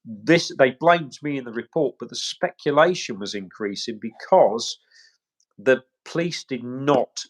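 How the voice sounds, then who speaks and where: A man's voice: medium pitch, expressive, measured pace. A middle-aged man, recounting events emphatically in an interview, often quoting what people said. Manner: emphatic, quotes others' words, repeats points. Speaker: search specialist interviewee.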